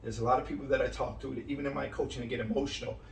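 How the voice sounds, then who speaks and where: A man's voice: medium pitch, flat delivery, racing, creaky. A man giving a blunt, direct motivational coaching talk to people starting cleaning businesses. He punctuates his points with "right?" and "okay?" and repeats key lines for emphasis. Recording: roomy sound from a distant mic with faint background noise.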